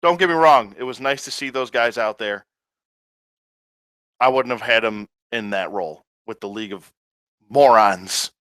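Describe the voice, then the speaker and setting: A man's voice: mid-range voice, moderate pace, long pauses, a bit bright, smooth, no echo. A man ranting in a casual review, profane, sarcastic and exasperated. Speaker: wrestling reviewer.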